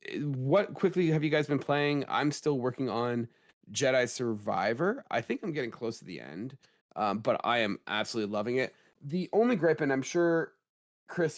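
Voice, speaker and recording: A man in his thirties hosting a gaming podcast in a casual, jokey way, his voice a little rough from a cold. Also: medium pitch, moderate pace. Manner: animated, jokey, rising emphasis. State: slightly rough voice after a cold. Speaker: podcast host.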